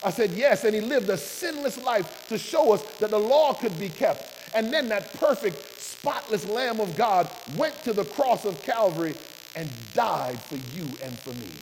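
A man preaching a sermon, telling a testimony with passion, his voice swinging from hushed to loud. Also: sits high. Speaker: preacher and doctor. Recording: long hall reverb with electrical hum and hiss.

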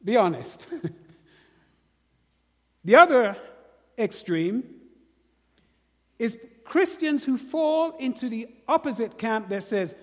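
A man's voice: extremely high pitch, sing-song, takes it slowly, long pauses, long reverb tail. A man with a British accent preaching a sermon, questioning the congregation and drawing call-and-response. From Britain.

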